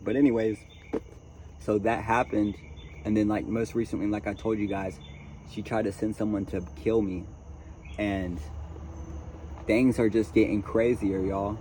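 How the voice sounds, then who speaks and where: A man tells a dramatic story straight to his viewers, calling them chat and y'all as he goes. His voice sits fairly low, and faint crickets and birds sound behind him outdoors. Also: little pitch movement, a little slow, pauses often, mellow, a little hiss or hum. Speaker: vlogger. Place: outdoors at a tent camp.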